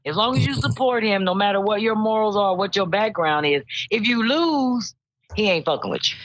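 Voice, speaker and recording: A woman's voice: medium pitch, expressive, moderate pace, dull audio, a little hiss or hum. A woman comedian guest talking bluntly with strong opinions and frequent cursing. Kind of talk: casual comedic chat.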